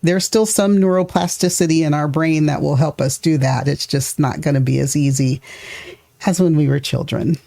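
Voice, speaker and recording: A middle-aged woman hosts a podcast in a relaxed conversational way. Her voice is gravelly and warm, with a mellow tone. She muses aloud, circling back and restarting as she gathers her thoughts. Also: low voice, normal speed. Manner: reflective, thinks aloud with fillers and restarts. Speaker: podcast host. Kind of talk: casual interview conversation.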